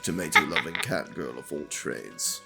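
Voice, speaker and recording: A woman putting on a deep, gruff male detective voice with a mock British accent. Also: animated, moderate pace, over music, full character voice. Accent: put-on British.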